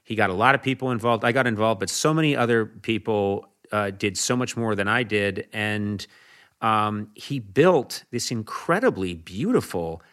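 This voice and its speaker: A man's voice: on the low side, lively intonation, moderate pace, fairly bright tone. A man as a podcast guest, telling an earnest story animatedly, with frequent restarts. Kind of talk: casual conversation.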